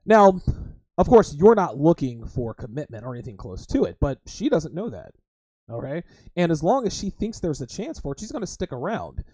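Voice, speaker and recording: Brash male podcast host, lively pitch. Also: normal speed, slightly rough, no echo. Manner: crude, emphatic, keeps addressing listeners as guys. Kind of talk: livestream podcast talk.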